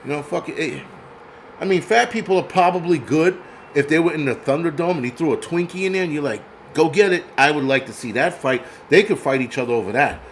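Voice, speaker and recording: Profane ranting man, slightly high voice. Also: animated, fast, a little hiss or hum. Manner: profane, blunt, with many restarts. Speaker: channel host. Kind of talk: casual ranting commentary.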